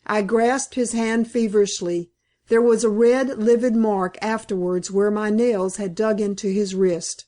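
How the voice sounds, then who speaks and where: A woman narrates a classic novel in the first person, at an unhurried, deliberate pace. Her voice sits in a middle pitch and stays measured and clear. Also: fairly even intonation, dark tone. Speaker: audiobook narrator.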